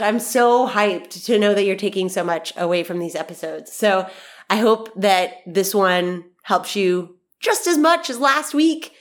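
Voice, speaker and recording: A woman's voice: medium pitch, normal speed. A woman in her thirties hosting a podcast in a casual monologue, bubbly and chatty, with a stuffy, nasal voice from allergies. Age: 30s. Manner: bubbly, chatty, swears casually, laughs often. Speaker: podcast host.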